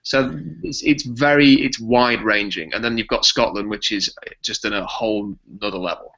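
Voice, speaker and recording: A man's voice: lowish voice, normal speed, sharp tone, lo-fi sound. A man from England, co-hosting a podcast in a chatty, jokey way with many ums. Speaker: podcast co-host. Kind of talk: casual podcast chat.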